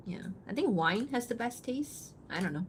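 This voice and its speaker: A woman livestreaming while she draws, casually reading out and answering chat, chatty and quick to giggle, thinking aloud with fillers. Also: on the high side, animated, slight background noise. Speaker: livestreaming artist.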